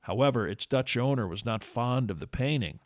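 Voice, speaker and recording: A man narrating a history podcast in a measured, steady scripted read. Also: medium pitch, no echo, studio quality.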